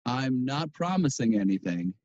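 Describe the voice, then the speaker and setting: A polite but firm male teacher in a textbook listening dialogue. His voice is mellow and warm. The recording sounds slightly dull, like an audio-track clip. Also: mid-range voice, very animated, moderate pace. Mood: calm.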